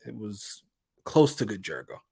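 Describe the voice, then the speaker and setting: Lively, profane male podcast co-host. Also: fairly low pitch, moderate pace, vocal fry, slightly rough. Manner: blunt, profane, laughing asides. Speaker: wrestling review co-host. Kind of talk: casual podcast review chat.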